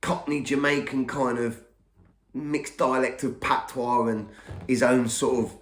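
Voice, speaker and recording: A man's voice: mid-range voice, flat delivery, unhurried, a little hiss or hum. A middle-aged man telling his own story in a casual, rambling way, often repeating and restarting words. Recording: echoey room.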